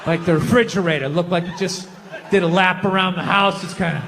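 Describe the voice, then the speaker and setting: Stand-up comic, 50s, profane rant, high bright voice, reverberant hall. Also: male voice, fairly even intonation, creaky, slight background noise. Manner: profane, ranting, rapid-fire delivery. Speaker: stand-up comedian. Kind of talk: stand-up comedy set. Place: large venue on stage. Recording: reverberant hall with live audience.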